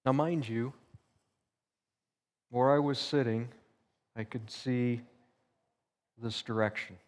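An older man tells a personal story to a church group. He talks conversationally and acts out his own thoughts aloud. His medium-pitched voice rings with the long reverb of a church hall. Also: steady tone, slow, a little mellow. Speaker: church teacher.

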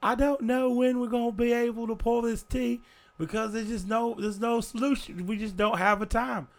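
A man voicing a fretful Victorian English lady in a strained falsetto. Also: animated, takes it slowly, darkish tone, heavily acted.

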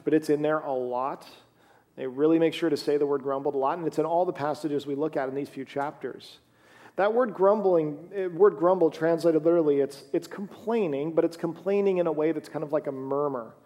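A man's voice: fairly high pitch, a little fast, dark tone. Man preaching a conversational sermon. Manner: conversational preaching, reads scripture aloud. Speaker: pastor.

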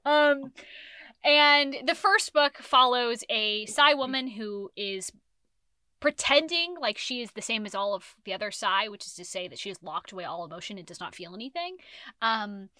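A woman co-hosting a casual book podcast, rambling and animated, correcting herself and laughing as she talks. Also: medium pitch, normal speed, dry recording. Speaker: podcast co-host.

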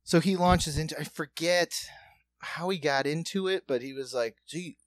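A man telling a long story on a podcast in a lively, animated way, acting out other people's voices and laughing often. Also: fairly high pitch, normal speed, no room sound. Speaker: podcast co-host. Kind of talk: casual storytelling chat.

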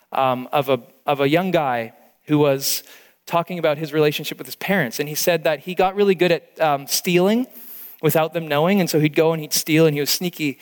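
A man's voice: on the high side, in a large hall. A male pastor preaching an earnest, heartfelt sermon, with frequent restarts.

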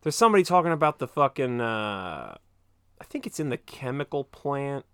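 A man's voice: medium pitch, big pitch swings, normal speed, fairly bright tone, clean tone, dry recording, clean studio sound. A man hosting a podcast in casual chat, telling stories animatedly and swearing freely. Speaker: podcast host.

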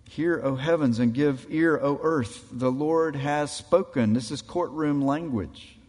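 Man preaching, slow and deliberate, dramatic quoted voices, long hall reverb. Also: a little high, a little mellow. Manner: dramatic, acts out quoted voices of God and people. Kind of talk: sermon.

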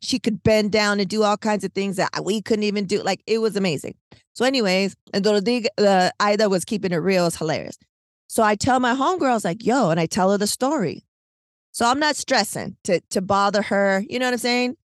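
A woman co-hosting a podcast, telling a long story in casual, animated, slangy chat, full of "like" and "right?". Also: medium pitch, a little fast, dry recording, clean studio sound. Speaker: podcast co-host.

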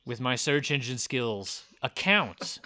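Podcast co-host guy, teasing and casual, bright voice. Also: medium pitch, expressive, slow pace. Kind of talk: casual chat, reading sighting reports.

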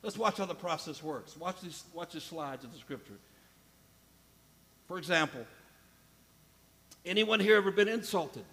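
A male pastor delivers a sermon with emphatic repetition and direct appeals to his listeners. His voice sits a little high for a man. The sound carries a long reverb from a large church hall. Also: lively intonation, normal speed, pauses often, a bit bright. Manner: emphatic, repeats phrases, addresses congregation directly.

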